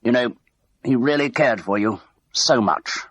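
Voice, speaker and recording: A man's voice: mid-range voice, a little slow, fairly bright tone, breathy edge, dry recording, pitched above the performer's own voice. A man voicing a bluff middle-aged ex-crook posing as a major, chatty and hesitant, full of ums and uhs. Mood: tender.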